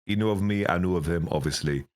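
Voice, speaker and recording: A man's voice: deep voice, fast. A young man, an esports head coach, telling stories in a casual interview, laughing often and filling his speech with "like". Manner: laughs through stories, lots of fillers.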